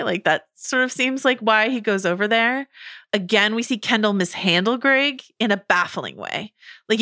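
A woman co-hosting a podcast, chatting casually with quick asides and laughs. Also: medium pitch, pushed and bright, dry recording, clean studio sound. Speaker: podcast co-host. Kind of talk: casual chat about a TV episode.

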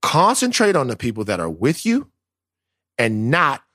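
A man's voice: mid-range voice, huge pitch swings, a little slow, fairly bright tone, no echo, studio quality. A man, co-hosting a podcast in casual, profane, joking banter. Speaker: podcast co-host.

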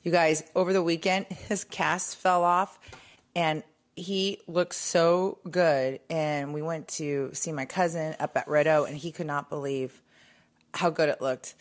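A woman's voice: sits low, fairly even intonation, measured pace. A middle-aged woman co-hosting a casual gossip chat, rambling with restarts and fillers. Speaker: show co-host.

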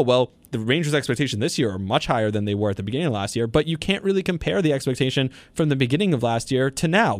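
A man's voice: a little high, no room sound. A young man hosting a solo sports podcast, talking through his opinions in long run-on thoughts with fillers. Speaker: podcast host.

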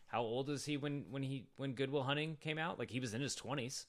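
A man's voice: medium pitch, brisk. A man co-hosting a casual podcast, talking in rambling sentences full of fillers. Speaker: podcast co-host. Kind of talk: casual chat.

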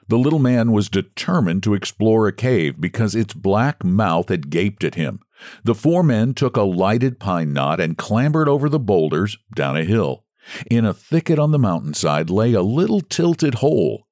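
A man hosting and reading a story aloud in scripted, expressive, dramatic narration. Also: fairly low pitch, unhurried, dry recording, studio quality, faint music behind. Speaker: host and story reader.

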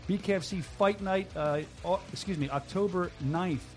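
A man hosting a studio talk show, energetic and chatty, often laughing and restarting his sentences. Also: high-pitched, normal speed, soft background music. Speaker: show host. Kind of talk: casual studio chat.

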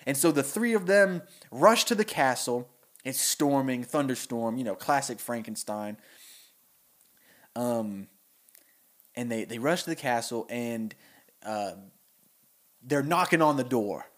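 A young man co-hosting a podcast, excitedly pitching a story with animated storytelling. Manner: animated storytelling, quick voice switches. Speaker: podcast co-host. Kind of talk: casual chat, pitching a story.

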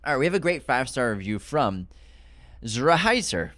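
Male podcast co-host, Boston accent, lively pitch, chatty and laughs a lot. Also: normal speed. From Boston area. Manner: laughs often, chatty and opinionated. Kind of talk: casual chat.

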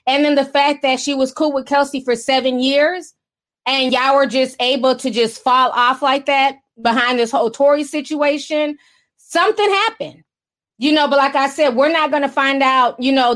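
A woman's voice: high voice, normal speed, fairly bright tone. A woman hosting a casual livestream of gossip commentary, sassy and slangy, often laughing as she talks.

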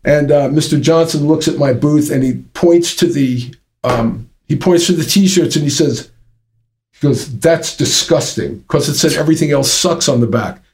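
Male interview guest, fairly high voice, rambling storyteller full of fillers. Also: normal speed, darkish tone. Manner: rambling anecdote with lots of fillers and restarts. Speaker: interview guest, drum company founder. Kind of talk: casual storytelling.

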